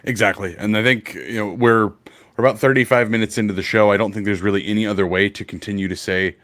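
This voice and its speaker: A man's voice: lowish voice, steady tone, quick pace, a bit bright, dry recording, studio quality. A man co-hosting a college football podcast, talking casually and urging listeners with profane enthusiasm. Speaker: podcast co-host. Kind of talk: casual sports podcast chat.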